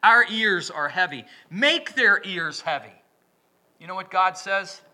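A man preaching a sermon, working through a verse with lots of questions to his listeners and slow, stressed quotations. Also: high-pitched. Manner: questioning, lively emphatic delivery with drawn-out quotes.

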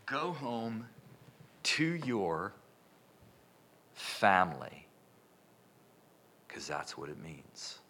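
A man preaching a sermon in a church, swinging from loud, emphatic bursts down to hushed whispers. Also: on the low side, sing-song, extremely slow, pauses often.

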